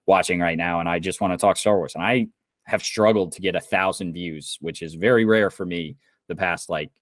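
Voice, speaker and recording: Young man, low voice, dry close sound; heated swearing podcast rant. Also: fairly quick, no echo. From Indiana. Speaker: podcast co-host. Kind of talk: casual podcast chat.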